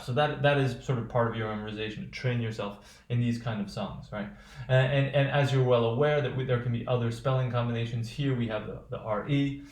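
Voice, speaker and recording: A man's voice: mid-range voice, darkish tone. Man teaching phonetics in an echoey room. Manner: halting, many fillers and restarts. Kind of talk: recorded lecture.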